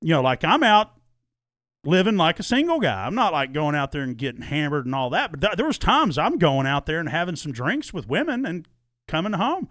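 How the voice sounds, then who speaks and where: Middle-aged man, animated storyteller with a lively pitch, dry podcast mic. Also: a little fast, no room sound. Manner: animated, acts out quoted dialogue, swears freely. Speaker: podcast guest telling his story. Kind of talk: casual storytelling, podcast chat.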